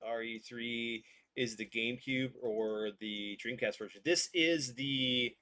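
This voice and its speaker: A man's voice: medium pitch, takes it slowly. A man hosting a podcast livestream, chatting casually, greeting viewers and commenting on a game. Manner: relaxed, greets chat, laughs often.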